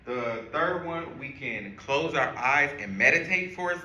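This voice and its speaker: A man teaching a group, walking them through breathing and counting in a slow, guiding way. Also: medium pitch, animated, sharp tone, slight background noise. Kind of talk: classroom lesson on calming strategies. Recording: echoey room.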